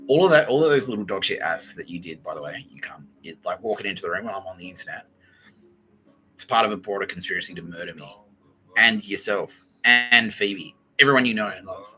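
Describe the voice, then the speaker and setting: A man's voice: sits low, brisk, bright, forceful tone, rough recording. A man hosting a podcast, rambling in a casual, profane monologue and laughing often. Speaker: podcast host.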